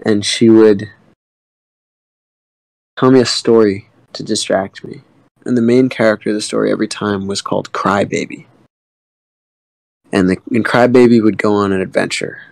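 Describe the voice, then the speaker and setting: A young man speaking candidly and emotionally in a community AMA. He tells a personal story in halting bursts, with many fillers and some swearing. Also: fairly low pitch, creaky, no echo, rough recording. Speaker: guest artist in a community AMA.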